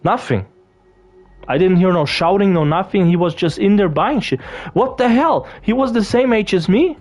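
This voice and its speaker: A young man rants through a storytime, profane and outraged. His voice sits fairly high and swings widely in pitch. Faint music plays underneath. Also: lively intonation, moderate pace, a little mellow. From Austria. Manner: profane, indignant ranting. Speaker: vlogger. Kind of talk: angry storytime rant.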